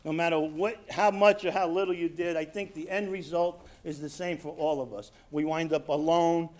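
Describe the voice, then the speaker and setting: A middle-aged man from New York telling his own recovery story at a convention, acting out quotes and dropping quiet for emphasis. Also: fairly high pitch, steady tone, moderate pace. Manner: storytelling with acted quotes, drops to quiet emphasis, laughs at himself. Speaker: recovery speaker. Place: convention hall stage.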